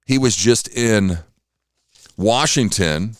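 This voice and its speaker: A man's voice: lowish voice, slow pace, no room sound, studio quality. A tired man hosting a casual morning radio show, rambling and self-deprecating, acting out little pleas. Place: radio studio.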